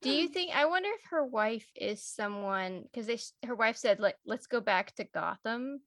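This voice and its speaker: A woman co-hosting a casual podcast chat about a TV show, animated and swearing freely. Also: a little high, normal speed. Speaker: podcast co-host.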